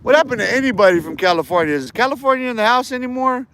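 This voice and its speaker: A man's voice: extremely high pitch, racing, pushed and bright, slight background noise. A man livestreaming a confrontational, aggressive and profane rant from outdoors by a street on a handheld phone. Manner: aggressive, profane trash talk.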